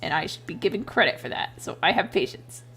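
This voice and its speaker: A woman's voice: lowish voice, expressive, brisk, a bit bright, faint music behind. A woman in her twenties chatting casually while drawing on stream, rambling, swearing freely and laughing often.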